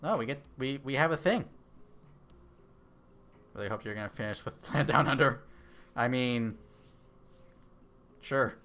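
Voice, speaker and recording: A man talking his way through a live game stream, chatty and easygoing, mulling things over out loud and answering viewers' comments as they come in. His voice sits at an ordinary middle pitch for a man, picked up close on a desk microphone. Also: measured pace, pauses often. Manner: chatty, thinks aloud and reads chat. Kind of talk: casual live-stream chat while gaming.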